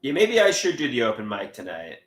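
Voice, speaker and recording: A man's voice: mid-range voice, wildly swooping pitch, brisk. A man rambling in a live stream monologue from home, stammering and repeating his words as he mutters to himself. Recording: echoey room.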